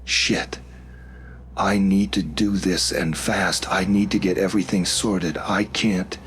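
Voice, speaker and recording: A man's voice: low voice, steady tone, slow pace, a bit bright, a little hiss or hum. A man voicing a shaken young woman who speaks in a shaky, urgent voice. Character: young woman, shaken, desperate, sharp-tongued.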